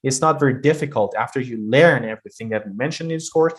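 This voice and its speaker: Male pronunciation teacher, average pitch, patient and repetitive explainer with lots of "uh". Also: fast talker. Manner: patient, repeats points with fillers and restarts. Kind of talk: online lesson explaining.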